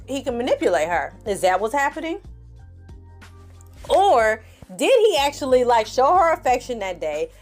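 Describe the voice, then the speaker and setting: Sassy, candid woman host reviewing TV, on the higher side, playful asides to viewers, faint music underneath. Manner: sassy, animated, acts out quotes from the show; candid, addresses viewers as y'all. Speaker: TV recap reviewer. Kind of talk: casual commentary recap.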